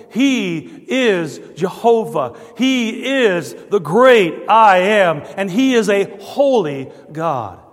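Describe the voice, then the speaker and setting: High-voiced preacher in an echoing hall. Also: male voice. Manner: swings from quiet asides to raised emphatic declarations; asks the congregation rhetorical questions. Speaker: pastor. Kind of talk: sermon.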